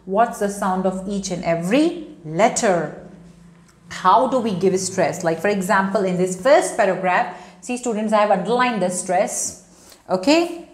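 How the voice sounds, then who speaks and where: A woman's voice: mid-range voice, measured pace, reverberant. A woman, teaching an online lesson to students, emphatic and repetitive. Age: 30s. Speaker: English teacher. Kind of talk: online spoken English lesson.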